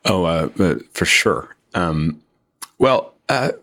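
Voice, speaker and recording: A man in his forties, a book author being interviewed, speaking in a measured way with frequent hesitations and fillers. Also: deep voice, expressive, fairly bright tone. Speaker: author guest. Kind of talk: interview conversation.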